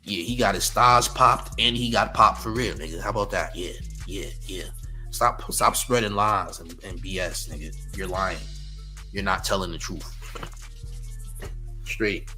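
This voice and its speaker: Guy on a livestream roasting people, low voice but bright and punchy, faint music in the back. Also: a little slow. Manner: taunting, mocking, laughs often. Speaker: live-stream commentator. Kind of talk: casual live-stream chat.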